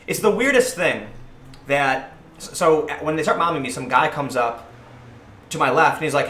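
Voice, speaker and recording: A man in his thirties hosting a casual live stream, telling rambling, animated stories and acting out what people said to him. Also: a little high, a little fast. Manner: rambling, animated storytelling, acting out quoted voices. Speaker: livestream host. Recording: echoey room, faint noise.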